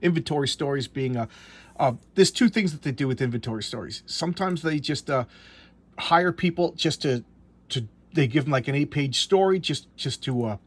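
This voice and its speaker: A man's voice: fairly high pitch, animated, moderate pace. A man casually reviewing an old comic book, retelling the story in a loose, rambling way with frequent restarts and asides.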